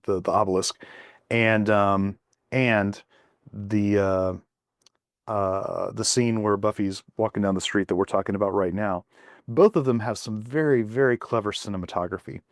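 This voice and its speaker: A man co-hosting a podcast in casual chat, talking in a halting way with many fillers and restarts. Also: lowish voice, fairly even intonation, dry recording, clean studio sound. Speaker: podcast co-host.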